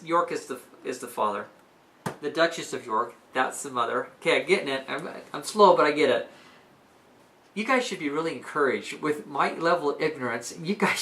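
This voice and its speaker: A woman walks her listeners through a play in a chatty, enthusiastic way. She keeps checking in to make sure they are following. Her voice is bright and forward. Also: low-pitched. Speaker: book reviewer and teacher. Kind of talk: casual explanatory retelling.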